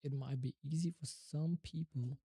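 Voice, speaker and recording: A man's voice: fairly high pitch, steady tone, normal speed, mellow, breathy edge, no room sound, low-quality recording. A man on a livestream practicing English pronunciation, muttering and repeating single words over and over to himself. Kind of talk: casual live practice, talking to himself.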